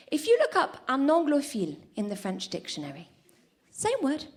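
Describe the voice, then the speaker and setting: A woman performing a live stand-up routine on a comedy club stage, telling stories in an animated, punchy way. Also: fairly high pitch, moderate pace.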